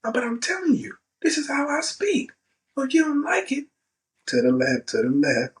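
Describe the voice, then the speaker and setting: A man's voice: very high voice, wildly swooping pitch, normal speed, far from the mic, voice pushed up, heavily acted. A man voicing a brash male entrepreneur who talks bluntly and curses. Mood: defiant. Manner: blunt, profane, dismissive.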